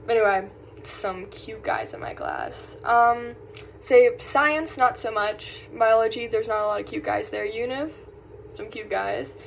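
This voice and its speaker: A woman's voice: a little high, expressive, unhurried, vocal fry, slight background noise, low-quality recording. A young woman from South Carolina with a light Southern accent, chatting casually in a vlog, rambling and often losing her train of thought. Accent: Southern American. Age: young adult. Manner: rambling, distracted, sighing. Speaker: vlogger. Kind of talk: casual chat.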